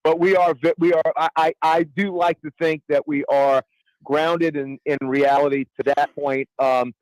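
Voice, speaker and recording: A man's voice: fairly high pitch, steady tone, normal speed, darkish tone, no echo, poor audio. A man co-hosting sports radio in casual talk, often stumbling over restarts and cracking fan jokes. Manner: stammering restarts, joking fan banter.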